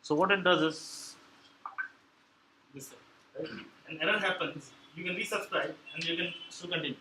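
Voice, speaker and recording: Bright-voiced man giving a technical talk. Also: fairly high pitch, a little hiss or hum, rough recording. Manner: explanatory, halting with frequent fillers and restarts. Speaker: meetup speaker on Android programming. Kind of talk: live technical talk with audience questions. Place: meeting room at a tech meetup.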